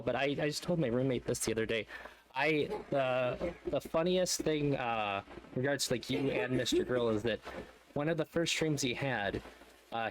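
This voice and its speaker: Halting, easygoing young man on a call. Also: mid-range voice, slight background noise. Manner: halting, many fillers and restarts, swears casually. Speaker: interviewer. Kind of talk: casual chat.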